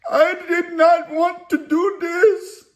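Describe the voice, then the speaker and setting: A man voicing a scared young male inmate who pleads in a high, crying voice. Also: normal speed, a little mellow.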